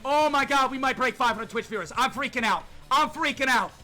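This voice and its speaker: An excitable young man with a strikingly high, bright voice streams a game live, hyping up his chat and yelling in disbelief. Game music plays softly behind him. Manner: hyped, shouting at chat, rapid exclamations.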